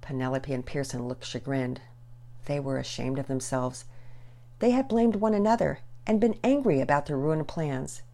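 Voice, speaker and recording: A woman narrates a children's storybook with a low voice. Her reading is measured and expressive.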